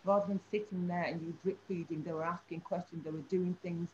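Woman, teacher, animated storyteller, middle pitch, slightly dull recording. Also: fast talker. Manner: animated storytelling, acts out the people she describes. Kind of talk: anecdote in an interview. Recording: slightly dull recording with faint background hum.

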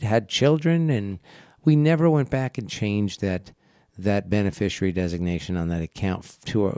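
A man hosting a casual financial radio show, congested from a head cold, talking in a flat, monotone way with many fillers and rambling asides. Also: medium pitch, no room sound, clean studio sound. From eastern United States.

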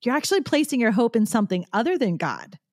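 A woman's voice: on the high side, big pitch swings, fast, dry recording. Give me a friendly, curious woman interviewer recorded dry and close. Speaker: interviewer, podcast host. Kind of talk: conversational interview.

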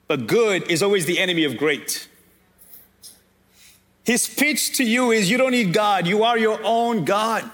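A man's voice: high-pitched, fairly bright tone. A man preaching a sermon as pastor, calling out directly to his congregation.

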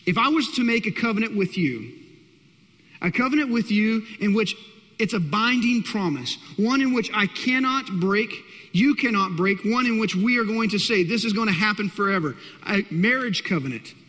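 High-voiced male pastor preaching emphatically. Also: expressive, normal speed, a bit bright. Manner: emphatic, repeats key phrases, direct address to congregation. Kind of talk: sermon. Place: church hall. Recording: long reverb of a large hall.

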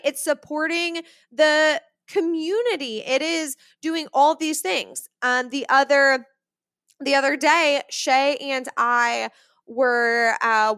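A young adult woman hosting a solo podcast, talking in a chatty, animated way and often checking in with "okay?" and "right?". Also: sits high, takes it slowly, dry recording, studio quality. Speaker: podcast host. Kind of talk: solo podcast monologue on money mindset.

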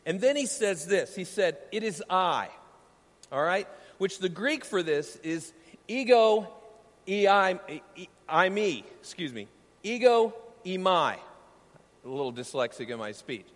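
High-voiced preacher in a reverberant hall. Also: male voice, lively intonation. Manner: earnest teaching with deliberate slowing for emphasis. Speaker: pastor. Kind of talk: sermon.

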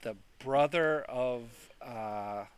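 A man co-hosting a podcast, recapping a movie plot in a slow, rambling way with many restarts. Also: medium pitch, clean tone. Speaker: podcast co-host.

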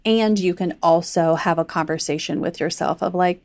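A woman health coach talking casually on a podcast, full of "like" and quick acted-out inner voices. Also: fairly low pitch, darkish tone, no room sound. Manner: chatty, frequent "like", acts out inner voices. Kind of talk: conversational podcast teaching.

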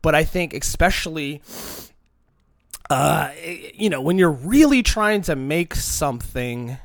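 A comedian talks straight into a phone camera in a loose, profane monologue, a man with a slightly high voice that swoops all over. He mocks people in put-on voices and admits his voice is shaky. The sound is dry and close, with no room around it. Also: unhurried, gravelly, no echo. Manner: profane, rambling, animated with mocking quoted voices. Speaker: comedian self-producing a video. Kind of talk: casual vlog monologue. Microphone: phone used as camera.

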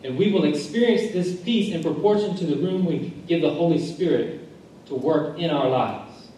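A man's voice: fairly high pitch, normal speed, warm tone, a little hiss or hum. A man, a pastor, preaching a sermon in earnest, repeating phrases and restarting his sentences. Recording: echoey church hall recording from far off.

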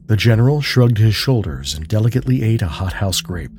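A man narrating a calm bedtime mystery story and leading a guided breathing exercise, in a slow, soothing, measured voice. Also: fairly low pitch, music in the background.

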